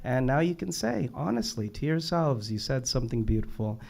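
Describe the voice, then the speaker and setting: A young man hosting a live poetry open mic, enthusiastically reading back lines and thanking each poet, swinging between soft murmurs and loud shout-outs. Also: medium pitch, big pitch swings, normal speed, creaky. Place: poetry venue on a stage with an audience.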